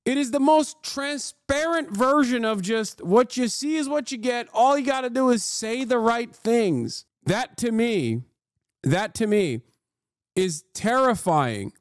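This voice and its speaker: A man's voice: very high-pitched, dry recording, studio quality. A male streamer giving live reaction commentary in a profane, sarcastic, ranting manner. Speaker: streamer, host.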